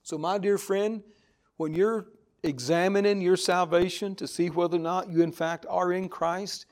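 A man's voice: high-pitched, fairly even intonation, moderate pace, darkish tone. A man preaching a sermon, reading scripture aloud and driving each point home with emphasis. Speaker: pastor.

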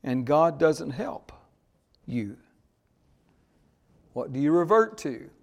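Slow, emphatic male preacher. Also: fairly high pitch, animated, gravelly. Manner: slow, emphatic preaching with call-and-response "Amen?". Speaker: pastor. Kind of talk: sermon.

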